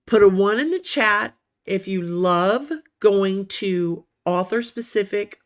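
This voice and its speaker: A woman's voice: mid-range voice, slow pace. A woman hosting a casual livestream for writers, chatty and encouraging, calling viewers honey and sweetie, with a cough that keeps breaking in. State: coughing now and then.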